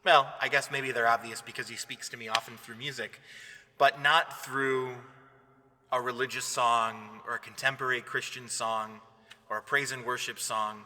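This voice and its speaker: A man, a priest, giving an earnest, measured devotional reflection. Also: medium pitch, fairly even intonation, bright, forceful tone. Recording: long hall reverb.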